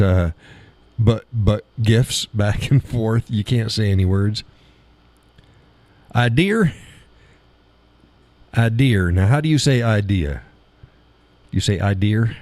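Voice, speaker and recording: A man hosting a live stream in casual chat, playful and quick to laugh, toying with how words sound. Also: on the low side, warm tone, dry recording. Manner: chatty, playful, laughs often, toys with word sounds.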